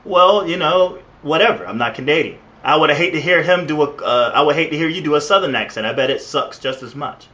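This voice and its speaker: Easygoing podcast co-host who stumbles over restarts; dull lo-fi audio. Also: male voice, a little high, animated, fast talker, few pauses, bright, forceful tone. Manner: laid-back, stammering restarts. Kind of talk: casual chat.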